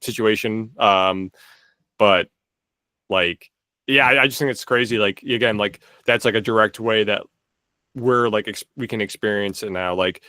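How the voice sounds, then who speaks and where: A young man talks loosely on a podcast, piling up filler words and restarting his sentences. His lowish voice has a bright, forceful edge. The recording is dry and close, with no room sound. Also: normal speed, dry recording. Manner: rambling, many "like" fillers and restarts. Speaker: podcast co-host. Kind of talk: casual chat.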